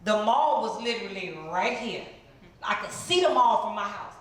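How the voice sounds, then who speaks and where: A middle-aged woman from the Chicago area giving an animated testimony as a guest speaker in a church, jumping into high voices to act out what people said. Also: moderate pace. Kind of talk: testimony sermon. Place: large church hall. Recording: very echoey church hall, some noise.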